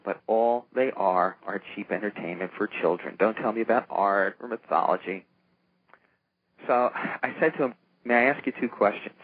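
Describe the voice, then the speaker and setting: An older man, a comic book producer, tells stories in a casual interview, acting out the voices of the people he quotes. His voice is on the low side at a normal speed, heard over a tinny phone line with faint noise.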